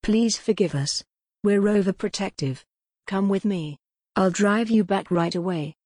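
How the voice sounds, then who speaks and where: A woman doing a calm, controlling young man. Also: high-pitched, measured pace, no room sound, studio quality. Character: calm, smooth young man leading a cult.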